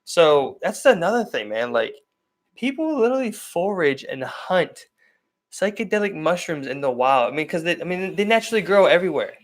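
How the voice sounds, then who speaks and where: A man with a Baltimore accent, co-hosting a podcast in casual chat, rambling and restarting his sentences in quick bursts. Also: a little high, sing-song. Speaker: podcast co-host.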